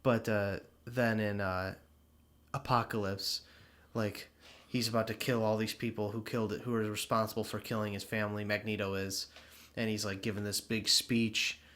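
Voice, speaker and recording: A man's voice: lowish voice, level tone, normal speed, fairly bright tone. A young man co-hosting a podcast in casual chat, rambling, laughing often and swearing freely. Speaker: podcast co-host.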